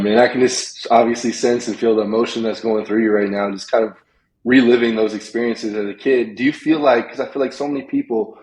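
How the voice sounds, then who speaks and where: A man's voice: medium pitch, a little mellow, reverberant, low-quality recording. A male podcast host asking affirming questions in an interview.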